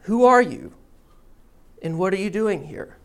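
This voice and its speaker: A preacher acting out a shrewd rabbi who calmly bargains with a guard in a sermon story. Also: medium pitch, unhurried, clean tone. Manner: bargaining, matter-of-fact. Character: clever old rabbi, calm and shrewd.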